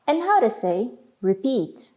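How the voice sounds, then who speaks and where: Woman, language teacher, unhurried delivery, repeats phrases twice, soft warm tone. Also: on the high side, big pitch swings. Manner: repeats each phrase slowly twice for learners. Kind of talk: slow, clear language lesson.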